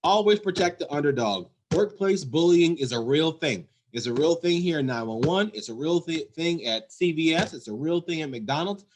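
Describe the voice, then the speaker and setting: A man's voice: on the high side, animated, fairly quick, few pauses, slight background noise. A man who runs an emergency call center, giving an earnest, emphatic leadership talk and repeating his key points. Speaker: 911 center executive director.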